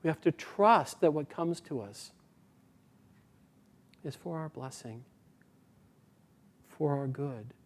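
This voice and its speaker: A man giving a sermon, telling a spiritual parable in a gentle storytelling manner, his phrase endings trailing off softly. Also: a little high, animated, takes it slowly, long pauses. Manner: voices the characters in dialogue. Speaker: speaker at a spiritual community.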